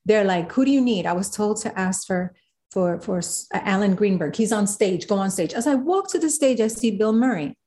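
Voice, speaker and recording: A woman, a guest in an interview, telling a story with animated quoted voices. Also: medium pitch, moderate pace. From South Bronx, New York. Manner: animated, acts out quotes of others.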